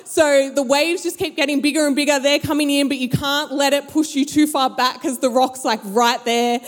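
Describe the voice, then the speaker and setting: An animated young woman with a high-pitched voice tells stories at a normal pace to a live audience, acting out her friends' voices. She is in a large hall full of listeners, and the recording carries a long hall reverb.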